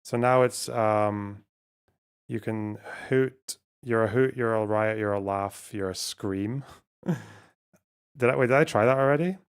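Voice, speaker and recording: A man's voice: lowish voice, slow pace, smooth. A man streaming live, thinking aloud as he plays a word puzzle, swearing often and talking to his chat. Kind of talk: casual live-stream talk while playing a word puzzle.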